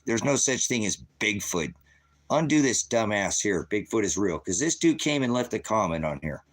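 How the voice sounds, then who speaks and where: A man's voice: on the low side, very animated, normal speed. A middle-aged man hosting his own channel, delivering a profane, combative, rambling rant at his viewers. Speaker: channel host. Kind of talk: ranting monologue to viewers.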